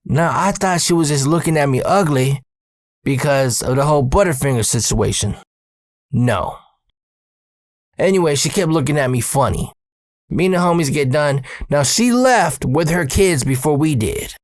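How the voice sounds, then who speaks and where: A man telling a story from his youth in a casual, profane, animated way, full of slang. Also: a little high, normal speed, no echo, studio quality.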